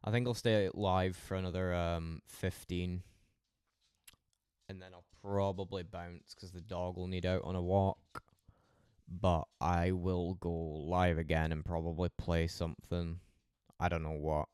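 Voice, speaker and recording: A man's voice: deep voice, little pitch movement, a little slow, a little mellow, clear, resonant tone, no room sound, studio quality. A Scottish man chatting loosely with his stream audience, rambling and swearing freely. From Scotland. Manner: rambling, heavily profane banter. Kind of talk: casual live-stream chat.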